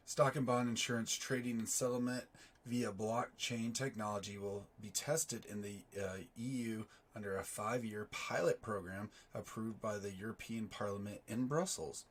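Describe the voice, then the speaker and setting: A man's voice, low-pitched and worn hoarse and raspy by a sore throat. He talks casually, reading news out loud and drifting off into rambling, self-mocking side comments. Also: normal speed. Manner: rambling, self-deprecating asides. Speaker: finance YouTuber.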